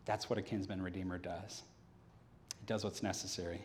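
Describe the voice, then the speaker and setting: A man's voice: deep voice, fairly quick, long pauses. A man preaching a sermon on a microphone in a church sanctuary during a service, telling a scripture story and acting out its dialogue. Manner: animated storyteller who acts out the scripture dialogue. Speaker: pastor. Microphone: handheld or headset microphone. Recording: reverberant church hall.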